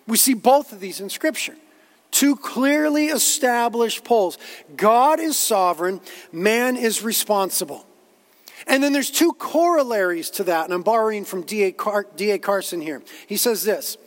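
A long reverb tail follows this high-pitched man as he preaches. He is an earnest pastor who leans on repetition and quoting others to make his case.

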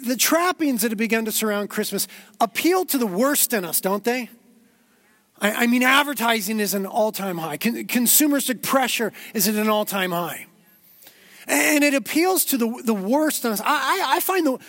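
A man's voice: very high-pitched, a bit bright, no room sound. A man preaching a sermon as pastor, earnest and growing emphatic, with repeated words as he builds.

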